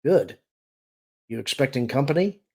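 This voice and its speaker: A man voicing a calm, earnest young pilot who speaks plainly and directly in an audiobook. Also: mid-range voice, normal speed.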